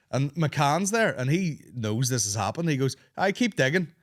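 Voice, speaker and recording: A man, hosting a podcast and telling a long comic story in casual, sweary, animated chat. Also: medium pitch, no echo, studio quality. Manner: sweary, animated, quick asides. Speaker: podcast host.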